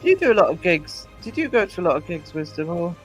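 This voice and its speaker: Male stream host, high-pitched, chatty, self-deprecating, faint music under. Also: very animated, fast. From England. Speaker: livestream host. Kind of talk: casual chat reading viewer comments.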